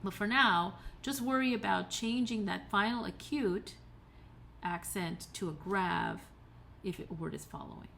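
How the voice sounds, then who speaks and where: A woman's voice: medium pitch, a little slow, creaky, fairly bright tone, a little hiss or hum. A woman giving a recorded tutorial lecture, explaining patiently step by step with occasional fillers and self-corrections. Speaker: teacher.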